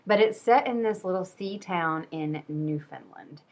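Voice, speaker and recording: A woman's voice: on the low side, measured pace, darkish tone. A woman hosting a casual book review video, chatty and rambling, poking fun at herself. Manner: chatty, rambling, self-deprecating. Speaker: book vlogger.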